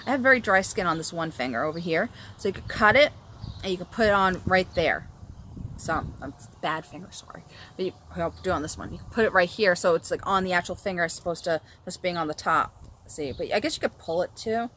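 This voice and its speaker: A woman in her thirties talks casually on her knitting podcast, rambling and cutting herself off mid-thought. Her voice sits a little low but comes across bright and forceful. She is sitting outdoors at home with faint ambience behind her. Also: fast talker, slight background noise. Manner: chatty, rambling, self-interrupting. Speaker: knitting podcast host and designer. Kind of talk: casual chat.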